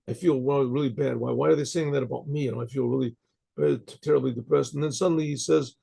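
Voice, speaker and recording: Older man, rabbi, Torah lecture, gravelly, breathy-edged, translates Hebrew as he goes. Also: medium pitch, fairly even intonation, fast, warm tone. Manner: translates Hebrew phrases into English, many restarts and rhetorical "right?".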